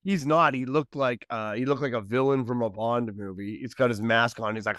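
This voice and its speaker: A male comedian and podcast co-host telling a story in casual chat, animated and laughing as he acts out the dialogue. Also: medium pitch, brisk, hardly any pauses, dry recording, clean studio sound.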